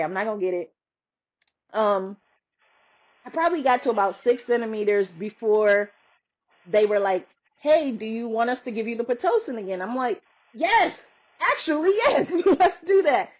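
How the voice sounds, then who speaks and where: Woman, fairly high voice, animated storyteller, laughs a lot, slightly dull lo-fi audio. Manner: animated, laughs often, acts out quoted voices. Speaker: podcaster. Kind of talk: casual storytelling chat. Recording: dull lo-fi sound.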